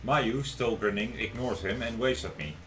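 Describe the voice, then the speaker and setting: Young male streamer, mid-pitched, narrates a visual novel live; relaxed, jokey, faint music behind. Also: moderate pace.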